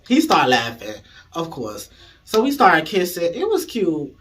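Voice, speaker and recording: A man telling a story to his viewers in a casual, animated way, swearing a lot and calling them y'all. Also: fairly high pitch, a little slow, faint music behind. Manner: animated, profane, keeps addressing the audience as y'all. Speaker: storytime vlogger.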